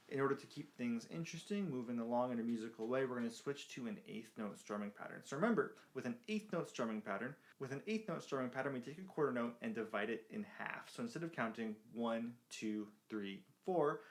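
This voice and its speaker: A man's voice: mid-range voice, lively intonation, fairly quick, creaky. A man teaching a beginner ukulele lesson, explaining patiently and counting beats aloud while he strums. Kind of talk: music lesson. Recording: ukulele playing behind voice.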